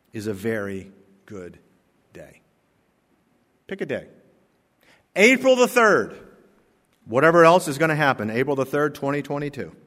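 A man's voice: medium pitch, fairly bright tone. A man preaching a sermon as a pastor, reading a story aloud earnestly and rising to emphatic exclamations. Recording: long hall reverb.

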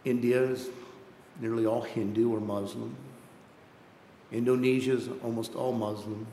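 A man's voice: little pitch movement, a little slow, warm tone. A man preaching a missionary sermon in an earnest way, often repeating words as he builds a point. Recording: echoey hall with faint rumble.

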